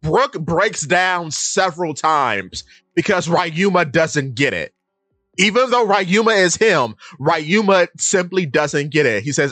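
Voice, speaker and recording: A man co-hosting a podcast in casual chat, animated, often acting out characters' lines. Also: fairly high pitch, slow pace, no echo, soft background music. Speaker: podcast co-host. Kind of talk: casual chat about anime.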